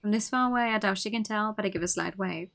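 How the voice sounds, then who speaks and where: A woman streamer reading a visual novel aloud, with expressive narration and playful asides. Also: mid-range voice, quick pace, vocal fry.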